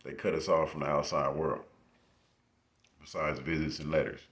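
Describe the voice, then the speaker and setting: A man's voice: rumbling low, normal speed. A young man casually telling stories into his phone, swearing freely and laughing as he goes. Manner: profane, laughing, animated retelling. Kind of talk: casual storytelling.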